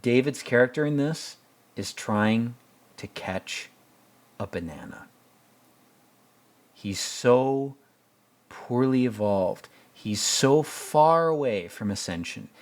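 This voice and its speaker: A man's voice: fairly low pitch, a little mellow. Rambling, stammering male film commentator. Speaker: host.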